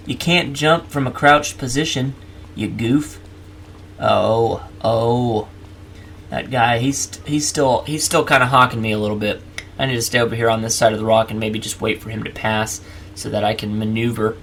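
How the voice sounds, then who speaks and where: A man hosts a let's play in easy, chatty commentary, narrating each step as he goes. His voice sits at an ordinary middle pitch with a gravelly, fried edge. A faint hiss runs under the recording. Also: a bit bright. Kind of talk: casual gameplay commentary.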